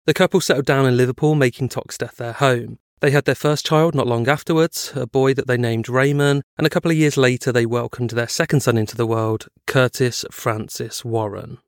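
Guy narrating a true crime podcast, smooth clear voice, dry close mic, reads it out then chats loosely. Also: medium pitch, dry recording. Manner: reads prepared script, then chats with hedging fillers. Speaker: podcast co-host. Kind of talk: scripted true-crime narration mixed with casual chat.

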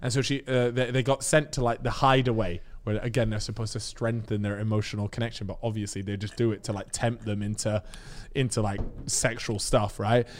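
Animated man telling a story. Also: lowish voice, a little fast, few pauses, a little hiss or hum. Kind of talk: casual chat.

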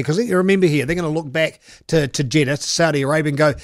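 A man's voice: a little high, rapid-fire, few pauses, dry recording, clean studio sound. A man, a sports radio host chatting casually and giving opinions with many restarts.

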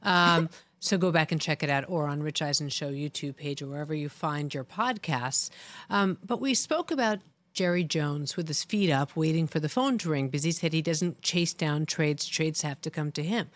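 A woman's voice: sits low, normal speed, no echo. A woman co-hosting a football podcast, playful and bantering in casual chat. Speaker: podcast co-host.

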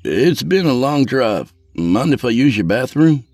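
A man's voice: medium pitch, very animated, measured pace, a little mellow, breathy edge, no echo, studio quality, voice pushed up, full character voice. Nervous, pleading brother, read by the male narrator for a horror tale. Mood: anxious. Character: anxious, shaken adult brother.

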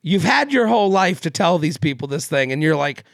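Casual male podcast co-host, gravelly and a bit high, rambling, dry close mic. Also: big pitch swings, fairly quick, no room sound. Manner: rambling, many fillers and restarts, laughs often. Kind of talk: casual chat.

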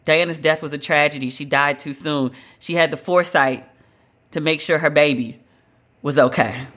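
A woman's voice: deep voice, normal speed, a bit bright. A woman hosting a solo podcast, talking in a blunt, emphatic, conversational way and drawing out the words she stresses. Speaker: podcast host.

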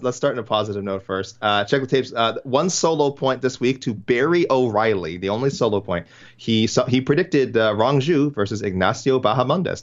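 A man co-hosting a casual podcast about fights, rambling and breaking off into quick asides. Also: lowish voice. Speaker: podcast co-host. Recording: dull, lo-fi sound.

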